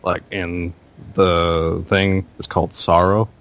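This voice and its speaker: A man's voice: deep voice, flat delivery, takes it slowly, a bit bright, highs cut off, a little hiss or hum. A man co-hosting a podcast, chatting in a laid-back, joking way with slangy asides. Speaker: podcast co-host. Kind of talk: casual chat about a video game.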